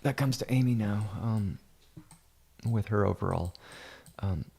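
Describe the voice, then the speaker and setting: A man's voice: on the low side, a little slow, creaky, mellow, breathy edge. A man chatting on a casual livestream while editing photos, joking and boasting in rambling asides, sometimes dropping to a whisper. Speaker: photo editor streaming his work.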